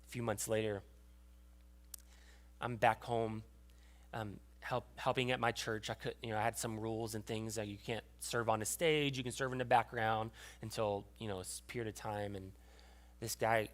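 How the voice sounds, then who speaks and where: A young adult man giving a sermon as pastor, telling a personal story with emotion and often dropping to a hushed voice. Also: fairly low pitch. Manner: storytelling, emotional, drops to a hushed voice at tender moments.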